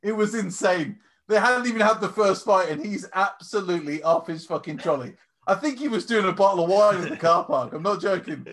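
A man's voice: high voice, brisk, fairly bright tone. A man co-hosting a podcast, telling swearing-laden anecdotes in casual chat and mimicking people with laughter. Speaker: podcast co-host.

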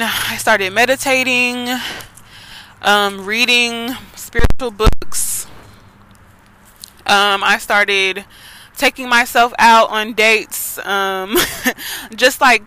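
Bright-voiced young woman sharing her story. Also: on the high side, drawn-out words, long pauses, clean tone, rough recording. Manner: emotional, earnest, fillers with "like" and "y'all". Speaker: podcast host. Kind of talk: personal storytelling monologue.

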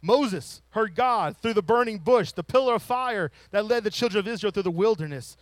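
A man preaching a sermon, rising to loud emphatic lines and falling to soft hushed ones. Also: high voice, animated, normal speed, dry recording. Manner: drops to a whisper to show a still small voice.

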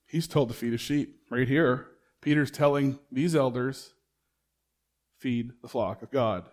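A man's voice: a little high, a little slow. A man preaching a sermon in a conversational way, asking the congregation rhetorical questions and acting out bits of dialogue. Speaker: pastor.

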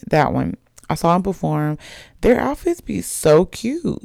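A young woman chats loosely on her podcast, gossipy and quick to laugh. Her voice is smooth yet full of fry. The sound is close and dry. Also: deep voice, expressive, darkish tone, no echo. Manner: chatty, laughs often, gossipy. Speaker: podcast host. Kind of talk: casual chat.

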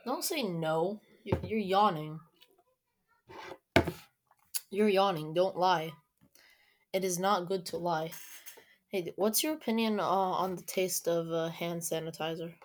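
A woman's voice: fairly low pitch, a little slow, slight background noise. A teenage girl chatting casually into an online voice recorder, teasing and bossing a younger child. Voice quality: teasing, bossy.

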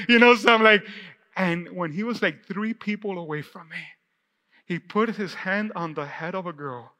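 Bright-voiced man preaching in a reverberant church. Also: sits high, moderate pace. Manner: conversational storytelling, laughs often, repeats himself. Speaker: pastor. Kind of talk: sermon with personal testimony. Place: church sanctuary.

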